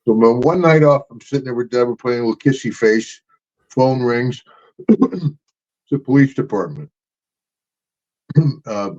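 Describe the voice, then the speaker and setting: A man's voice: medium pitch, animated, normal speed, pauses often, a little mellow. A man co-hosting a podcast, telling stories in a boisterous way, laughing often and acting out the voices of people in them. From Louisiana, USA. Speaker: podcast co-host, retired wrestler. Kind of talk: casual storytelling chat. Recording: dull lo-fi sound.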